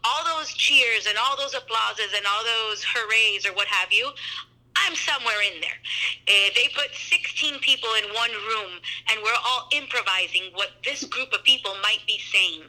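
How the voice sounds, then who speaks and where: A woman who works as a voice actor and dancer, chatting casually as a podcast guest. She is animated and expressive and drops in Spanish words. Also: medium pitch, low-quality recording. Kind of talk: casual interview chat.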